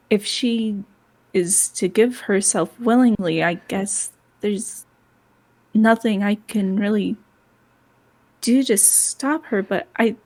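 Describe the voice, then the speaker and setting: A woman playing in a tabletop game, talking slowly and laughing often. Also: mid-range voice. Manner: slow, lively, laughs often. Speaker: player. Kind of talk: tabletop role-play chat.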